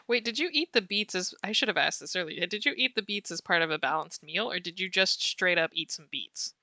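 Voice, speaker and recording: Bright, chatty woman streamer. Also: on the low side, lively intonation, brisk, no room sound. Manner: chatty, reads and answers chat, laughs often. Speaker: art streamer. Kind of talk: casual livestream chat while sketching.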